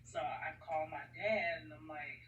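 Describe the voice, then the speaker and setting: A woman vlogger tells a personal story in an earnest, rambling way, circling back and repeating herself. Her voice sits a little low yet rings bright and forward. She sounds some distance from the mic in an echoey room with a faint hiss behind her. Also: steady tone, moderate pace.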